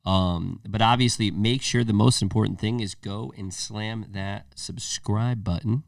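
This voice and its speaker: Laid-back male podcast co-host, low voice, casual swearing, dry room, mic set back. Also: fairly even intonation, measured pace, gravelly, no echo, recorded from a distance. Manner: laid-back, swears, says bro and dude a lot.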